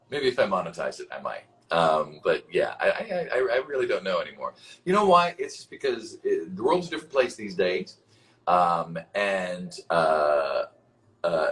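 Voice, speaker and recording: A man's voice: low-pitched, fairly bright tone. A man in his fifties reading out fan questions and answering them in a casual, rambling way, swearing freely. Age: 50s. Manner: reads fan questions aloud, then answers. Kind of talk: livestream Q&A.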